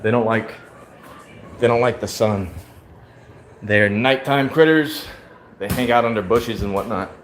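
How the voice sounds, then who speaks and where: A man's voice: lowish voice, unhurried, long pauses, slight background noise. A tired man hosting a casual livestream, talking bluntly and rambling, with frequent swearing. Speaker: livestream host.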